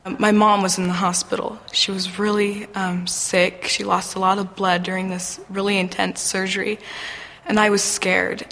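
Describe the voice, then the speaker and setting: A woman giving an earnest, emotional personal faith testimony, halting now and then with fillers. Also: medium pitch, level tone, gravelly, fairly bright tone, long reverb tail, slight background noise. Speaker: testimony speaker.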